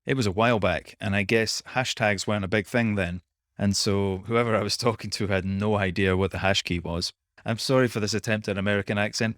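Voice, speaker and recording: A man's voice: lowish voice, fairly even intonation, a little fast, fairly bright tone, dry recording, studio quality. A man with a Scottish accent hosting a podcast, chatting casually with wry, self-deprecating humor. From United Kingdom. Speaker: podcast host.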